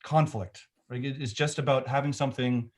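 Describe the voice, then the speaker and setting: A man's voice: mid-range voice, steady tone, moderate pace, a little mellow. A middle-aged man, a film director, talking in a casual remote interview, thoughtful and rambling with many restarts.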